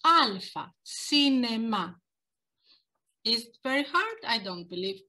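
A woman with Greek as her first language leads an online language class, speaking very slowly and deliberately. Her voice is bright and fairly high. Her pitch moves a lot as she pronounces each word for her students. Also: very animated. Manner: slow and careful, pronouncing words for learners to repeat. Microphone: video call.

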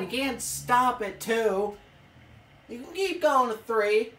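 A woman commentating her own video game play, excitable, swearing and yelling at the screen. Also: fairly high pitch, slow. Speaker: gaming video creator. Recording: echoey room, off-mic, faint hiss.

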